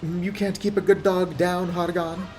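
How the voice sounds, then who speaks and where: A man's voice: high-pitched, little pitch movement, unhurried, darkish tone, soft background music. Man making playful let's-play asides. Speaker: gaming channel host.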